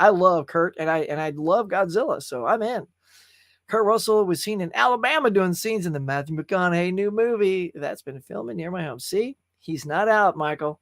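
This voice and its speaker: A man's voice: high-pitched, a bit bright, no room sound, studio quality. A man hosting a casual live stream, chatting loosely, laughing and reading viewer comments aloud. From California. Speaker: host.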